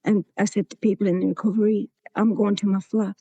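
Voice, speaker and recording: A woman's voice: medium pitch, level tone, a little fast, dark tone, husky, no echo. A woman, telling her own recovery story to a meeting in a candid, plain-spoken way. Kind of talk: sharing a personal recovery story.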